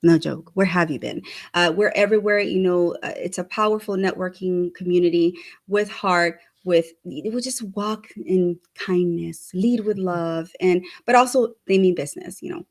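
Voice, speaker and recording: A woman co-hosting a talk show, chatting casually and upbeat as she gives many shout-outs. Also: on the low side, moderate pace. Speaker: co-host. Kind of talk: casual chat.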